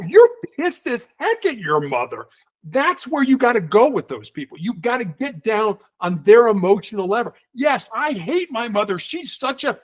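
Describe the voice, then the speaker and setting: A middle-aged man, a guest in an interview, telling stories in a lively conversational way and acting out the people he quotes. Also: high-pitched. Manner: animated, acts out quoted voices. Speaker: guest, former hostage negotiator.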